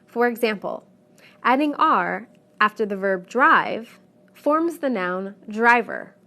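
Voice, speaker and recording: Woman, pronunciation teacher, slow careful delivery, slightly high voice, deliberate emphasis on examples. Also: animated, sharp tone. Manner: clear, deliberate, stresses example words. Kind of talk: slow scripted lesson narration.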